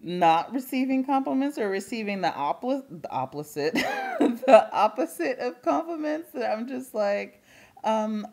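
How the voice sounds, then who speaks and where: A young woman vlogging in casual chat, talking quickly with lots of fillers and frequent laughs. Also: mid-range voice, sing-song, darkish tone.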